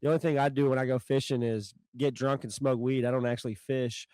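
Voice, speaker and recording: A man's voice: medium pitch, fairly even intonation, fast, a little mellow, no echo. A man co-hosting a podcast, chatting in a laid-back, rambling way. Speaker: podcast co-host. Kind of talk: casual podcast chat.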